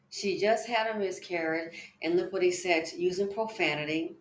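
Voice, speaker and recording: A woman's voice: lowish voice, a little slow, few pauses. A woman giving reaction commentary, emphatic and indignant, with rhetorical questions. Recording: echoey room.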